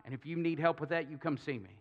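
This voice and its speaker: A man preaches in a church, retelling scripture with humor and playing out the characters' lines. His voice sits a little high. The recording is dull and lo-fi, with the top end muffled. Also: animated, fast talker, creaky. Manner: storytelling with humor, acting out quotes. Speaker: pastor. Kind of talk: sermon.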